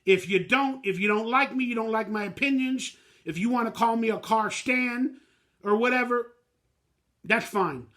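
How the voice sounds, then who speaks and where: High, bright-voiced man ranting. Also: moderate pace. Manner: blunt, emotional, slangy and plainspoken. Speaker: fan channel host. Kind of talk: postgame reaction rant.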